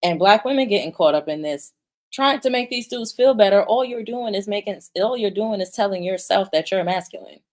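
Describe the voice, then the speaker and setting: A woman's voice: medium pitch, brisk. A young woman giving blunt, profane, emphatic commentary, restarting her sentences, and sometimes reading viewer comments aloud. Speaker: commentary vlogger. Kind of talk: opinionated commentary.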